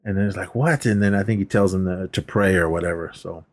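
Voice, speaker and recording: A man co-hosts a casual podcast and walks through film scenes in a rambling way. His speaking voice sits on the low side, and he jumps much higher whenever he acts out the characters' lines. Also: level tone, fast talker. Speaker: podcast co-host. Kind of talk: casual movie recap chat.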